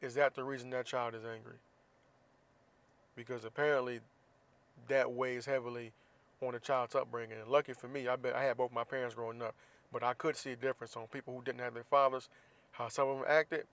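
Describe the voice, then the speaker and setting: A man's voice: mid-range voice, level tone, brisk, fairly bright tone. A man from Florida hosting a podcast, ranting bluntly and profanely in a casual opinion monologue. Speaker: podcast host.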